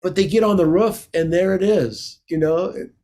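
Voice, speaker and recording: Man, from the United States, guitarist guest, slightly high voice, enthusiastic, rambling, casual interview. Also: normal speed, dark tone.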